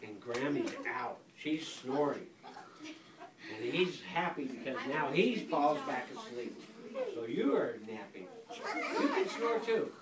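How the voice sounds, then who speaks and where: An older grandfather reading a picture book aloud to a school class in a playful, animated way, stopping often to quiz the children. He is recorded from across an echoey classroom full of kids. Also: mid-range voice, slow, far from the mic, crowd noise. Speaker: guest reader, grandfather.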